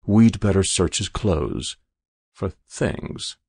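A man's voice: low voice, slow, warm tone, breathy edge, no room sound, studio quality, exaggerated voice. A man reading aloud, voicing a troubled, hesitant army adjutant in a short story. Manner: hesitant, anxious.

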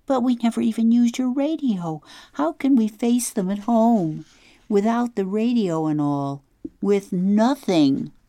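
A woman voicing a young girl who is upset and tearful, her voice rising high and breaking. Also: lively intonation, a little slow, mellow, no room sound, clean studio sound.

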